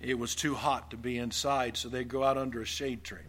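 A man from western Oklahoma, preaching a sermon in a dramatic storytelling way that swings from loud to hushed. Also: medium pitch, fairly even intonation, fairly quick.

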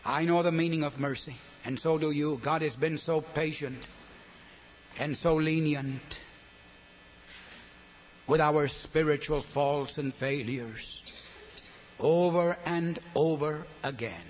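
Older preacher with a high voice in a reverberant hall. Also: male voice, slow pace, long pauses, a little hiss or hum. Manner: emphatic, swings between loud declarations and soft low asides. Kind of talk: sermon. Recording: long hall reverb, dull lo-fi sound.

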